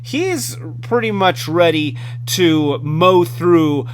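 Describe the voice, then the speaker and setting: A man's voice: fairly high pitch, expressive, extremely slow, a little hiss or hum. A man hosting a casual hands-on toy review, enthusiastic and rambling. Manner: enthusiastic, rambling with fillers and restarts.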